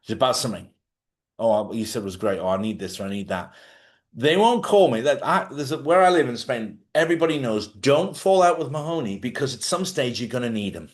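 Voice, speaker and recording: A man's voice: medium pitch, animated, fairly quick. A blunt man with an everyday mid-range voice, talking straight to his audience about letting go of the past. He speaks plainly and forthrightly and does not hold back a curse word. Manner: blunt, forthright, swears freely. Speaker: host. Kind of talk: live advice talk. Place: lives in Spain.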